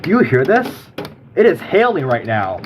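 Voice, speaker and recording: Man, fairly high voice, excitable storm commentary, filmed indoors at a window, loud rain and hail noise. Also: moderate pace, lo-fi sound. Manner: excitable, exclamatory, addresses viewers as guys. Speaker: vlogger filming a storm. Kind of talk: live storm-watching commentary. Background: rain and hail pounding.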